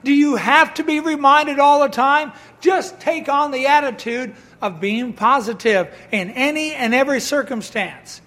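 A man's voice: measured pace, few pauses, sharp tone. A man preaching a sermon, telling stories with quoted voices and reading scripture, rising into emphatic bursts. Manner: high voice that rises to emphatic bursts.

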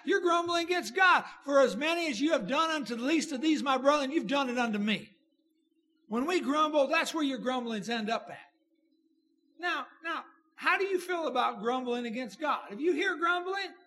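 A pastor delivers a passionate sermon in a very high, forceful voice. He swings from loud outbursts to quiet, low murmurs. Faint ambience sits under the recording. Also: a little hiss or hum.

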